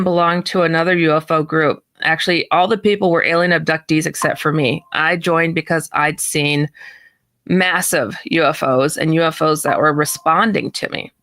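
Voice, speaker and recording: A woman guest tells a personal story with real animation, acting out both sides of the conversation. Her voice is bright and pointed. The sound is dry and close, with no room around it. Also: lowish voice, dry recording. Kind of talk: storytelling in an interview.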